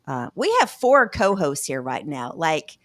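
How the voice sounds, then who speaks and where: A woman's voice: deep voice, a little slow, dry recording, clean studio sound. A woman with a Southern US accent, co-hosting a podcast and chatting casually with frequent laughter. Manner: laughs often, relaxed. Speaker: podcast co-host. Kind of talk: casual chat.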